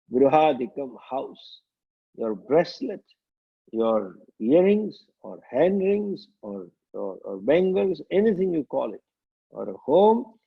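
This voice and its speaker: A man, a swami, giving a slow and deliberate scripture lecture with frequent chuckles, heard over tinny phone-like sound. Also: on the high side, vocal fry, breathy edge.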